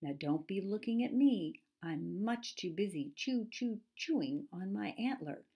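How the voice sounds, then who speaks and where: A woman's voice: mid-range voice, lively intonation, measured pace, mellow, slightly rough, voice pushed up. A woman voicing a grumbling storybook porcupine who sputters and stumbles over his words. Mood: grumpy. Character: grumbling porcupine chewing an antler.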